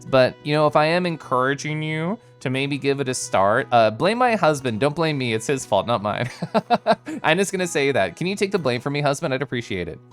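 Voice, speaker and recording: A man's voice: mid-range voice, very animated, brisk, soft background music. A man streaming live, chatting casually and greeting viewers by name in a bubbly, giggly way. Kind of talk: casual chat reading viewer messages.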